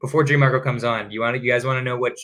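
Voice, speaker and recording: A man's voice: mid-range voice, steady tone, very fast, fairly bright tone. Joking, laid-back male podcast co-host. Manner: joking, laughs often, swears casually. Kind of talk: casual podcast banter.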